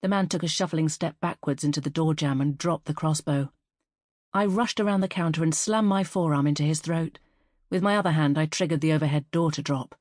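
Woman narrator, low voice, dry close sound, measured fantasy audiobook reading. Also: darkish tone, dry recording. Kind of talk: first-person fantasy narration.

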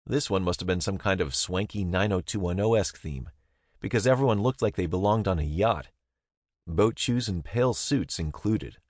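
A man's voice: sits low, normal speed, a little mellow, no room sound, clean studio sound. A young man reading a first-person novel aloud in a wry, easygoing way. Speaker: narrator. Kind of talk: first-person audiobook narration.

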